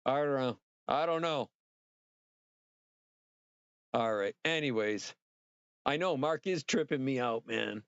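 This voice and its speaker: A man hosting a casual livestream, rambling and excitable, swearing freely and talking straight to his viewers. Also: mid-range voice, slow pace, vocal fry, long pauses, clean tone, dry recording, highs cut off. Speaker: livestream host.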